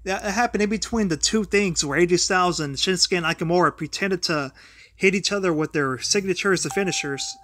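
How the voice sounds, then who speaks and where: A young man with a high voice hosts his own livestream. He talks in a loose, rambling way, often trailing off and starting sentences over. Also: brisk, a bit bright. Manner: rambling, restarts and repeats words often; grumbles at a failing charger mid-talk. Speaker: livestream host. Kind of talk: rambling solo livestream talk.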